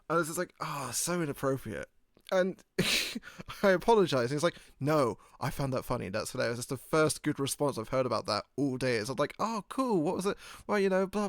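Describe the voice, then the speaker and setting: A man's voice: medium pitch, dry recording, clean studio sound. A man hosting a podcast in a casual rambling monologue. He jokes, swears freely and laughs at his own jokes. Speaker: podcast host.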